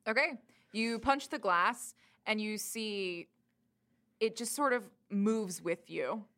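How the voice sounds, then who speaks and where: A woman narrating a tabletop game as game master, in a calm, matter-of-fact way. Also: medium pitch, slow.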